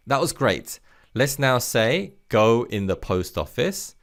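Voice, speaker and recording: A man teaching a recorded language lesson, patient and encouraging, modeling each word clearly for learners to repeat. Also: mid-range voice, very animated, slow.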